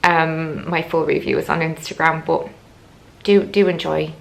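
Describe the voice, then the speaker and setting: A woman's voice: deep voice, level tone, a little slow, creaky, poor audio. Chatty woman vlogger in her thirties. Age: 30s. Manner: chatty, laughs often, self-deprecating. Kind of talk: casual vlog chat. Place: in a car on a rainy road trip.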